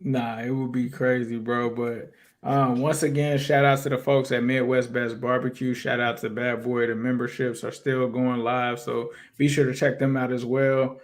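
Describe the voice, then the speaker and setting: A man's voice: medium pitch, level tone, normal speed. Laid-back male sports podcast host. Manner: brief affirmations, laid-back sign-off plugs. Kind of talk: casual sports talk.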